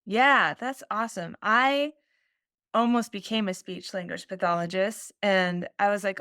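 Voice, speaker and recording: A woman's voice: medium pitch, measured pace, pushed and bright, clean tone, no echo, studio quality. A woman hosting a podcast interview, enthusiastic and rambling as she asks her questions. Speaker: podcast host. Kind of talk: casual interview conversation.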